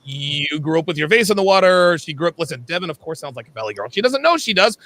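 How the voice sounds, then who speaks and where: A man hosting a livestream panel, reading viewer super chats aloud and quick to laugh. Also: fairly high pitch, very animated, a bit bright, no room sound. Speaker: host.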